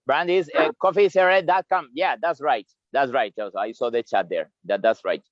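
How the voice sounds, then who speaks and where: A man giving a tour guide's outdoor talk on a farm, halting and repeating words as he explains. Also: mid-range voice, no echo. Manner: halting, repeats words, chuckles while eating. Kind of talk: live virtual tour explanation. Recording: dry, slightly dull lo-fi sound.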